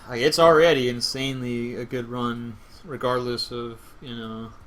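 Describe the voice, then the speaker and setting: A man's voice: medium pitch, normal speed, slight background noise. Rambling young man commentating a speedrun. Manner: rambling, self-correcting, excitable. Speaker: speedrunner commentating his own run. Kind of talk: casual gameplay commentary.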